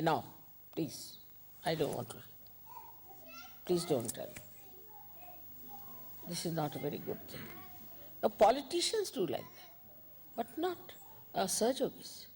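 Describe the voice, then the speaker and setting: A woman spiritual teacher, giving an informal, unhurried talk with gentle asides. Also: lowish voice.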